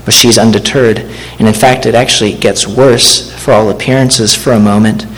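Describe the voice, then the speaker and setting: A man preaching an earnest, deliberate expository sermon as a pastor, often turning to rhetorical questions for the congregation. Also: on the low side, steady tone, big-room sound, poor audio.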